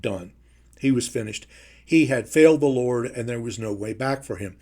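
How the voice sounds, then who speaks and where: Measured, emphatic male preacher. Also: medium pitch, a little mellow. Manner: measured, emphatic, with slow stressed phrases. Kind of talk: Bible teaching.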